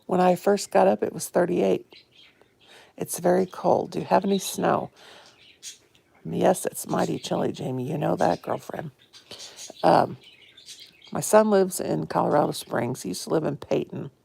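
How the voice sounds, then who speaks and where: A woman in her fifties, a little hoarse, chatting live to viewers from her phone at home and greeting them with pet names. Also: on the low side, steady tone, unhurried, long pauses, dark tone. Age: 50s. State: a bit hoarse. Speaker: live-stream host. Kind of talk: casual live-stream chat with viewers. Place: home, indoors.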